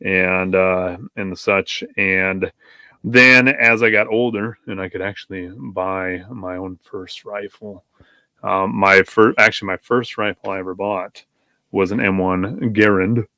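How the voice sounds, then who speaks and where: A man's voice: low-pitched, steady tone, a little slow, bright, forceful tone, no echo. A man, a pastor and podcast guest, telling a story in a casual, rambling way, often correcting himself and wandering off on tangents.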